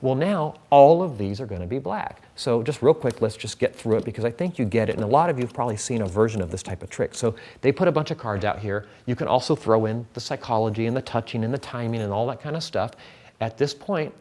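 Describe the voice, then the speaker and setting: A man's voice: medium pitch, expressive, quick pace, dark tone. A man teaching a card trick in a casual tutorial, chatting as he handles the cards.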